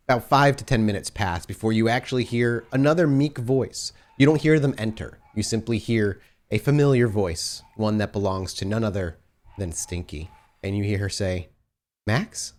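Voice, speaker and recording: A man's voice: lowish voice, fairly quick. A man working as game master, narrating scenes to the players in the second person.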